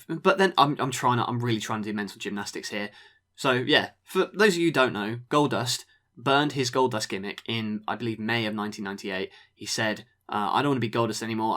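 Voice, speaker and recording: A man co-hosting a podcast, recapping wrestling matches in a relaxed way, full of ums. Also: medium pitch. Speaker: podcast co-host. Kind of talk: casual review chat.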